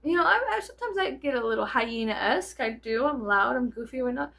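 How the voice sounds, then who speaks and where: A young adult woman vlogger telling a casual story, animated and profane, laughing often and wandering off on tangents. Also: a little high, fairly quick, gravelly. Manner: animated, profane, digresses with many fillers.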